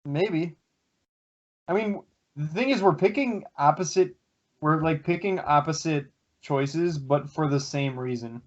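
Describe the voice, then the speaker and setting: A man's voice: a little high, unhurried. Teasing male podcast co-host. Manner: teasing, joking, swearing. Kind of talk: casual podcast banter. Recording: dull lo-fi podcast audio.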